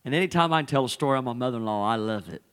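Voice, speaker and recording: A man's voice: mid-range voice, expressive, racing, a bit bright, clean tone. A male pastor preaching a sermon in a conversational, storytelling way, repeating phrases for emphasis. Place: church service.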